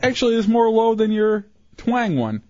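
A man's voice: high-pitched, big pitch swings, moderate pace, mellow, no room sound, lo-fi sound. A man co-hosting a radio talk show, heckling and sarcastic in casual banter. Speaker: radio co-host. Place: radio studio.

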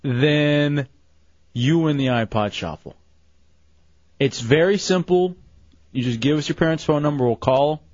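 A man's voice: fairly high pitch, measured pace, pauses often, a little mellow, dry recording, highs cut off. A man hosting a crude comedy radio show, teasing and mocking his co-hosts.

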